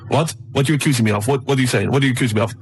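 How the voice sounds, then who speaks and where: A man's voice: mid-range voice, very fast, husky. A man voicing an indignant, hot-headed man with a put-on foreign accent who repeats himself.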